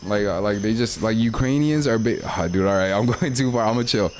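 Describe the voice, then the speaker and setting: A man's voice: fairly low pitch, fairly quick, darkish tone, slight background noise. A young man, chatting casually and rambling in slang while livestreaming a game. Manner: slangy, rambling, laid-back. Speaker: streamer.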